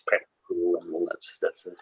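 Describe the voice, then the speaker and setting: Older Black Country musician, husky and low, rambling and anecdotal. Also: male voice, monotone, normal speed, low-quality recording. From England. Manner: rambling anecdotes with laughs and asides. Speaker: guest musician. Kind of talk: casual podcast interview.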